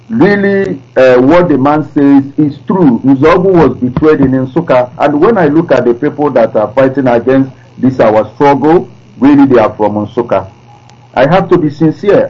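A man's voice: mid-range voice, a little mellow. Man from Nigeria, radio caller, earnest, hesitant, lo-fi call line. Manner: earnest, hesitant with many uh fillers. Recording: dull lo-fi internet call line.

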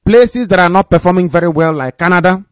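A movement leader gives a live radio address to his followers, fast, commanding and repetitive, his voice dropping low and quiet whenever he issues warnings. The recording is dry and dull.

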